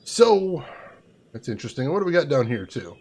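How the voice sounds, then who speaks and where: A man's voice: mid-range voice, big pitch swings, moderate pace, a little mellow. A young man doing playful, chatty commentary on a live game stream, greeting viewers by name. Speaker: livestreamer. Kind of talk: casual game livestream commentary.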